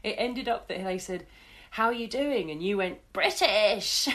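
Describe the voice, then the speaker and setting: A woman in casual podcast chat, telling stories and playfully acting out what people said. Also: mid-range voice. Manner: unhurried storyteller, acts out quoted voices.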